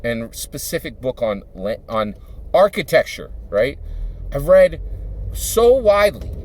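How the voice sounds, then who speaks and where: Speaking at a measured pace, the Philadelphia YouTuber and dungeon master uses a mid-range, darkish voice with a sing-song lilt. He rambles casually through his monologue, full of fillers and repeated tags of "right?".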